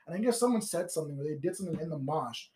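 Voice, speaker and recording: A man's voice: fairly high pitch, lively intonation, rapid-fire, darkish tone. A young man, a guest on a podcast, telling a rambling story full of fillers and swearing. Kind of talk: casual chat. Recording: roomy echo.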